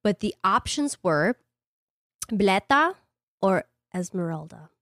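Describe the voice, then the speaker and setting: A young woman speaks slowly in a medium-pitched voice with a New York accent, chatting casually. Animated and prone to rambling, she fills her speech with fillers; the recording is dry and studio quality.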